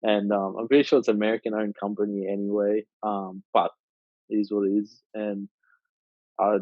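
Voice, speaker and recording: A man's voice: fairly low pitch, flat delivery, normal speed, dry recording. A young Australian man in his twenties chatting casually as a podcast guest, rambling with lots of fillers and restarts. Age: 20s. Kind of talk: casual chat. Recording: dull lo-fi dry sound.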